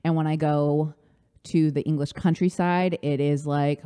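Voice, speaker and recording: A woman from the United States, a life coach chatting as a guest in an interview, animated and talkative, with lots of "like". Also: low-pitched, measured pace, clean tone. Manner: chatty, animated storytelling with frequent "like". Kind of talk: casual interview chat.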